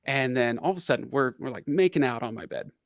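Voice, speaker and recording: A man's voice: medium pitch, lively intonation, fast. A middle-aged man telling a long personal story on a casual livestream. He talks animatedly, laughs often and uses lots of fillers and restarts, in a plain mid-range voice. The sound is dry and close, with no room echo. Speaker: livestream host.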